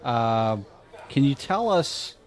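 A man's voice: medium pitch, big pitch swings, slow. A man co-hosting a casual comedy chat, teasing the others with dry remarks. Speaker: podcast co-host.

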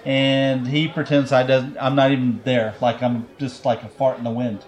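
A man's voice: medium pitch, little pitch movement, normal speed, some chatter behind. Profane rambling man telling a story. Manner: rambling, profane, laughs often. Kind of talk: casual storytelling chat.

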